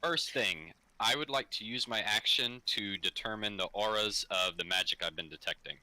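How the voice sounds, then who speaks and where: A man's voice: on the low side, moderate pace, bright, forceful tone, no echo, rough recording. Male player, crude and joking, dry close sound. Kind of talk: tabletop role-play, casual chat.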